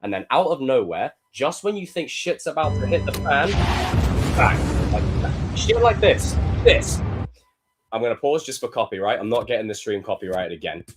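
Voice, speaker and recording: A young man live-streaming, reacting to film clips with animated, profane commentary and sudden loud outbursts. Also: mid-range voice, normal speed, over loud music.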